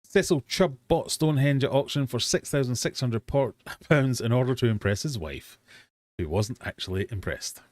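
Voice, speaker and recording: A man's voice: mid-range voice, expressive, normal speed, a little mellow, dry recording. A British man hosting a live-stream quiz from his fish room, reading out questions and chatting with self-mocking dad jokes.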